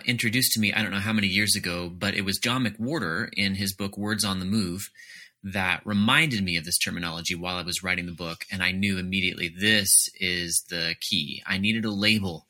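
A man's voice: low voice, sharp tone. A man, an author and editor, giving earnest and articulate answers in a podcast interview, explaining his points in careful detail.

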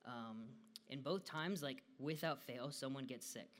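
Speaking unhurriedly in a mid-range voice, a young American man delivers a devotional talk in a relaxed, chatty style. He laughs frequently and leans heavily on "like" and other fillers.

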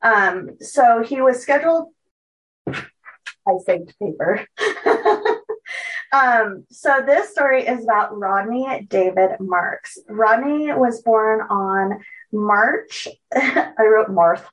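A woman co-hosting a podcast, telling a true story casually from her notes, with many fillers and quick self-corrections. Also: on the high side, expressive, distant mic, rough recording.

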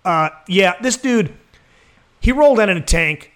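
A podcast co-host with a high-sitting voice speaks at a measured pace during a casual chat, ranting with animation and lots of swearing.

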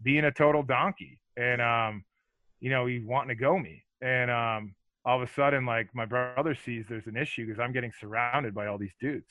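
In a casual chat, a man tells rambling, profane stories full of filler words, animatedly acting out other people's lines. His voice is mid-range and moderately paced, and the recording has no room sound, with the highs cut off.

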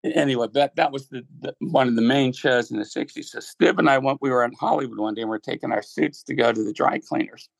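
Older male guest, gravelly voice, dry close sound, rambling storyteller. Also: medium pitch, quick pace, few pauses, dry recording, rough recording. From Ohio, United States. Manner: rambling, repeats words, acts out quotes. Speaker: musician guest. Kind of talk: casual storytelling interview.

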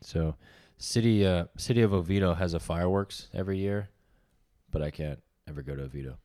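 A man's voice: low-pitched, fairly quick, mellow. A young man co-hosting a podcast, telling loose, profane stories and laughing often in casual chat. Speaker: podcast co-host.

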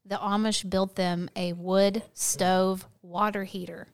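A woman's voice: mid-range voice, level tone, takes it slowly, clear, resonant tone. A young woman with a Southern accent, chatting casually and sassily as a co-host, swearing and joking freely. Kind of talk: casual chat.

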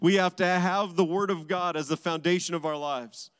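A man's voice: high-pitched, steady tone, moderate pace, fairly bright tone, smooth. A man preaching a sermon as a pastor, driving his points home with emphatic repeated phrases. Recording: large hall with long reverb.

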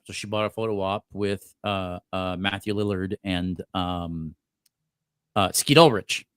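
A man's voice: lowish voice, moderate pace, fairly bright tone, clear, resonant tone, dry recording, studio quality. A man co-hosting a podcast, telling a story in casual chat with lots of fillers, restarts and laughter. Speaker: podcast co-host.

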